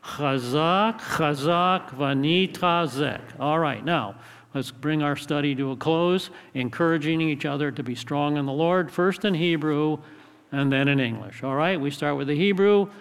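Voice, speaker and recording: Gravelly bible teacher guy, playful, leads the group in repeating lines, big echoey hall. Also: fairly high pitch, moderate pace. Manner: leads call-and-response, playful. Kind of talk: evening Bible study teaching.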